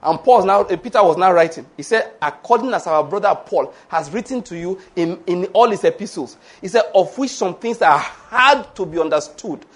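Husky high-voiced preacher. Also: male voice, moderate pace, few pauses. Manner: lively, laughs often, acts out quoted voices. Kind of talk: sermon.

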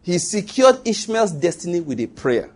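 A middle-aged man preaching a sermon, emphatic, asking his congregation questions and dropping to hushed, slow tones for quoted lines. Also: high voice, big pitch swings.

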